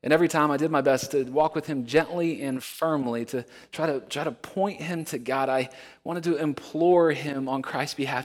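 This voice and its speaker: A male pastor preaching a sermon in an earnest storytelling way, now and then dropping to a hush for emphasis. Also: on the high side, normal speed. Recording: long hall reverb.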